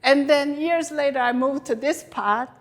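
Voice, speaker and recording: Korean-accented woman, high and lively. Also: measured pace. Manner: chatty, animated, non-native grammar. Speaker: guest lecturer. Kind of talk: lecture with slides.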